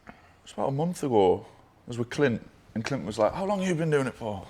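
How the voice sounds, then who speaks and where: A man's voice: mid-range voice, sing-song, fast, warm tone, breathy edge. A man, a brand co-founder, chatting casually and rambling, with plenty of swearing. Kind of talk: casual chat.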